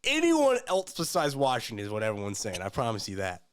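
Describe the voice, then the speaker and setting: A man's voice: mid-range voice, wildly swooping pitch, a little fast, clear, resonant tone, dry recording, clean studio sound. A man co-hosting a casual sports podcast, talking in a laid-back, teasing way and repeating phrases for effect. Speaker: podcast co-host.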